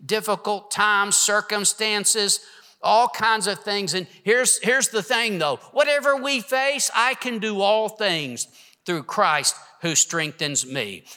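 A man's voice: high-pitched, slow, sharp tone, clear, resonant tone, big-room sound. A pastor in his sixties preaching an emphatic sermon and leading the congregation in reciting verses. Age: 60s. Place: church hall with congregation.

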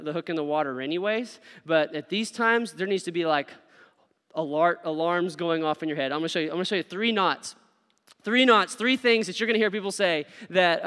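Man, thirties, youth pastor sermon, playful and energetic, resonant voice. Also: a little high, clean tone. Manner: energetic, playful, laughs often, acts out little dialogues. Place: church sanctuary. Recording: long hall reverb.

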